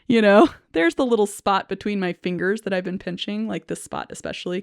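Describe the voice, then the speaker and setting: A woman talks through a hard personal experience with care, pausing and restarting as she searches for words. She fills the gaps with "like" and lets out small nervous laughs. Her mid-pitched voice sits close and dry, with no room sound around it. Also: animated, clean tone, dry recording. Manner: reflective, halting, many fillers and restarts. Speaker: speech-language pathologist. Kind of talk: personal explanatory talk to camera.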